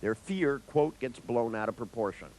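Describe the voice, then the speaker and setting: On a rough recording, a man speaks at normal speed in a mid-range voice, giving a live seminar talk as a therapist. He's lively and full of jokes, speaking straight to the audience and playing out exchanges with clients to make his points.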